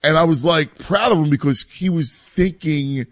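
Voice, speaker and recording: A man's voice: on the high side, normal speed, no echo, studio quality. A man chatting casually about his son's baseball, talking in loose, restarting sentences. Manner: rambling, many restarts, conversational. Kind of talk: casual podcast chat.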